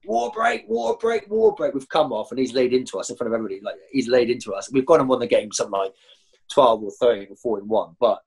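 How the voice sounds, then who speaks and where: A man, a former professional footballer, telling rowdy stories as a guest and jumping high in pitch when he acts out other people. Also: fast, husky. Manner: animated, jumps high when acting out others. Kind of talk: anecdotal storytelling.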